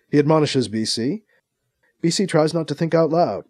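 A man narrating a science fiction audiobook in an expressive, plain manner. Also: on the high side, moderate pace, no echo, studio quality.

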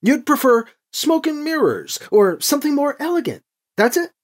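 A reader voicing Emily, a skeptical, sharp-tongued woman who speaks with scorn. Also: high voice, very animated, normal speed, voice pushed up. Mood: scornful.

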